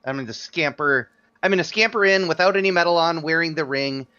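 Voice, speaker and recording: A man's voice: fairly high pitch, brisk, pushed and bright, clear, resonant tone, no echo. A man playing a tabletop game, talking casually and stumbling over his words. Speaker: player. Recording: dull lo-fi mic.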